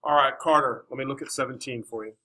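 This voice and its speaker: A male math teacher with a bright, forward voice working through problems in a classroom. He coaxes his students along with questions, praise and frequent "all right"s. His pitch sits in an ordinary middle range for a man. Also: fairly even intonation, quick pace, rough recording. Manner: encouraging, coaxing questions, many "all right"s.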